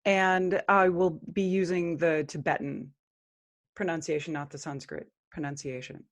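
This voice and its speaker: A woman guest on a podcast talks earnestly about spiritual practice. Her voice sits on the low side, and at times she chants mantras slowly. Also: fairly even intonation. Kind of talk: spiritual interview talk.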